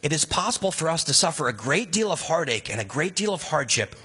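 Bright, husky-voiced preacher man. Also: on the high side, fast. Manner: conversational, animated preaching with rhetorical questions. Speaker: pastor. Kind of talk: sermon.

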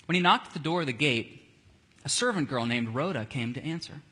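Animated, husky-voiced man teaching the Bible. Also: mid-range voice, fairly quick. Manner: animated, jokey, acts out scenes.

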